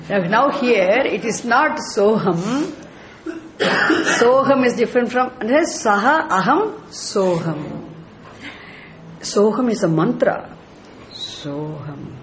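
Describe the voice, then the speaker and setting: A man teaching scripture as a spiritual teacher, emphatic and repetitive, with frequent chuckles. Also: sits high. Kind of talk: scripture lecture.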